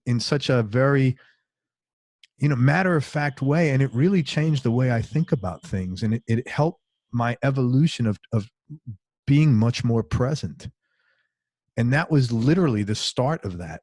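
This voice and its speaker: A man's voice: mid-range voice, lively intonation, normal speed, darkish tone, no echo, studio quality. A man interviewing a guest in loose, chatty talk, often saying "man". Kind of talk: casual interview chat.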